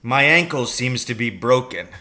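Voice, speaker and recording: A man doing a gentle, hurt storybook father. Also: medium pitch, animated, moderate pace. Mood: reassuring. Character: injured, gentle father calling from a pit.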